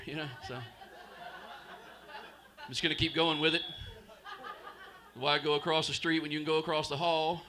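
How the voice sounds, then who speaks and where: A young Southern man works a small club stage with a raised, bright voice and a sharp edge. He jabs at the crowd in a profane, deadpan way. His drawl is clear from the first word. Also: fairly high pitch, normal speed, long pauses. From Mississippi, US South. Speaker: stand-up comic. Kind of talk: open-mic stand-up set.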